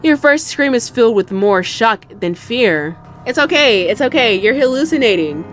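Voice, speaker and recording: A young woman hosting a gaming channel, reading a visual novel aloud with dramatic narration and loud, cursing outbursts. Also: on the high side, expressive, moderate pace, faint music behind.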